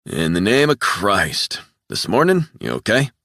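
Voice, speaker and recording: A man's voice: lowish voice, expressive, moderate pace, a bit bright, no echo, studio quality, voice pushed up. A man voicing a burly, red-faced former police officer who swears and talks in a heated, raised voice. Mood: worked up.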